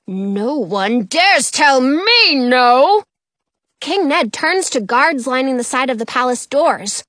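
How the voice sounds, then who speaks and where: A woman acts out a tall, imposing storybook king who bellows his orders with pompous grandeur. The delivery is slow and dry, with a high, sweeping voice. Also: sing-song, a bit bright, no room sound, heavily acted. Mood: commanding.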